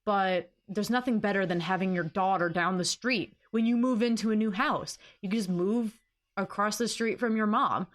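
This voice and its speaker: A woman's voice: mid-range voice, moderate pace. Earnest young woman hosting a podcast. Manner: earnest and emotional, rambling with fillers. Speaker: podcast host. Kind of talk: solo podcast talk, partly reading notes aloud.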